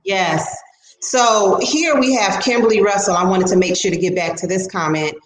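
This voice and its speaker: Woman host, mid-pitched and even, live-stream chat in an echoey room. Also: moderate pace, slight background noise. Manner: calm, reads out viewer comments.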